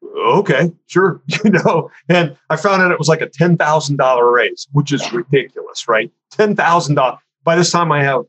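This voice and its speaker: A man casually telling a story from his career, animated and conversational, acting out what other people said. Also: mid-range voice, rough recording. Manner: animated, acts out other people's lines in a raised voice; conversational, frequent fillers like "you know" and "man".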